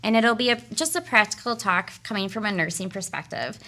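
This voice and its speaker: In a broadcast studio, a woman who directs sales and marketing is on as a guest, chatting promotionally about events. Her medium-pitched voice is bright, pushed and fairly quick, and her upbeat, earnest delivery is packed with ums.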